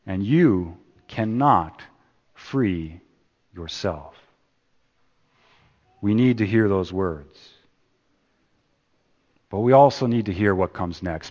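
A man preaching a sermon. He swings from loud emphasis down to hushed, repeated words. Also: on the low side, dull audio. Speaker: pastor. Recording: long hall reverb.

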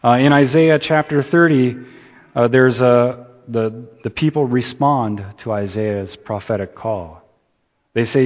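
A man preaching a sermon, slow and deliberate, building emphasis and then easing off at the ends of phrases. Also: medium pitch. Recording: dull sound in a reverberant hall.

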